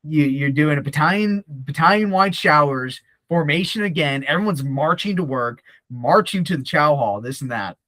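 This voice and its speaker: Young man, swearing, lively storyteller, brightish edge, dry room. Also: a little high, moderate pace, hardly any pauses, dry recording. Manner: profane, animated storytelling with quoted voices. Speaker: podcast guest. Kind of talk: casual storytelling.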